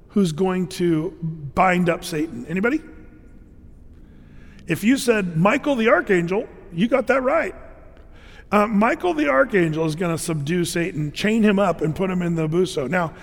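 High-voiced man preaching in a reverberant hall. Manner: conversational, filler-heavy, animated emphasis. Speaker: pastor. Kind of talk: sermon.

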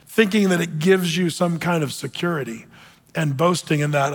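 High-voiced male preacher in a reverberant hall. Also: normal speed. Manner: casual preaching, quoting scripture in King James wording. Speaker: pastor. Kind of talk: sermon.

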